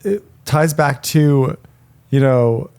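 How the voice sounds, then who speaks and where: A man's voice: fairly high pitch, takes it slowly, a little mellow, clear, resonant tone. A man co-hosting a podcast, chatting casually about a film and often hedging his points, recorded on a microphone in a small room. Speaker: podcast co-host. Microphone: studio microphone.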